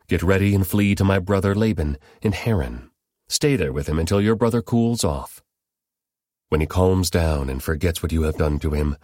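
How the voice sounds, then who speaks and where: A man's voice: deep voice, darkish tone, no echo, clean studio sound. A man voicing an anxious, protective mother who gives urgent, firm instructions.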